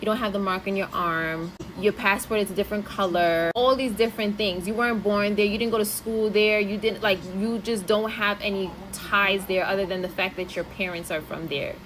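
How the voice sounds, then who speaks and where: An American woman telling her own experience to camera in an earnest, reflective way, speaking in measured phrases. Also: medium pitch, fairly even intonation, a bit bright, a little hiss or hum, rough recording. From United States. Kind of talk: personal commentary to camera.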